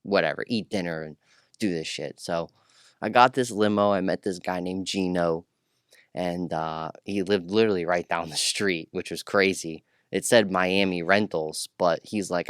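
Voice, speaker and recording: A man telling his life story in a casual interview, profane and rambling, animated and full of restarts. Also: on the low side, normal speed, clear, resonant tone, no echo, clean studio sound. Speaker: podcast guest.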